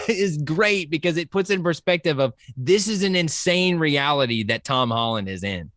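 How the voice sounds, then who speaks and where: A man excitedly discussing a movie, acting out lines and laughing often. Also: mid-range voice, normal speed, few pauses, dry recording, studio quality. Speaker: podcast guest.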